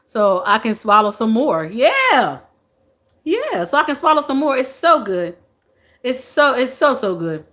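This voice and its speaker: A woman's voice: fairly high pitch, very animated, measured pace, a bit bright. A woman in her forties hosting a casual live stream, chatting playfully with viewers, reading their comments, and laughing often. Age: 40s.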